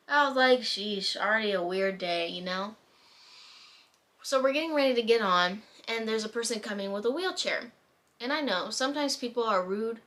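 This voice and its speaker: A young woman telling a story at home into her camera, in a chatty, animated way. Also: medium pitch. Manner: chatty, animated retelling with bursts of laughter. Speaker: vlogger. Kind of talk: casual storytime chat. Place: home room. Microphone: camera mic.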